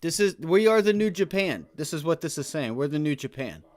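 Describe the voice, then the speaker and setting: A man with a somewhat high voice talks through live market commentary on his trading stream. His talk is loose and full of slang, and it often rises into loud, heated rants. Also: big pitch swings, brisk. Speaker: day trading livestream host.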